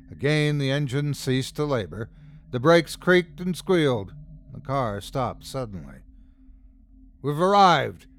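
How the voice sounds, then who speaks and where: A male host narrates a pulp horror tale in a measured, dramatic reading. He speaks slowly and keeps his pitch in an ordinary middle range. The delivery is scripted storytelling.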